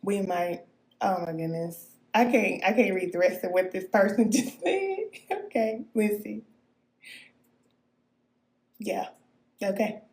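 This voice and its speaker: This woman, calling herself a spirit guide, gives a live-streamed spiritual talk and responds to viewers' comments, preachy and emphatic, checking in with "okay?" and laughing softly. Her mid-range voice is expressive, slow, gravelly and a little mellow, with frequent pauses and an echoey room sound.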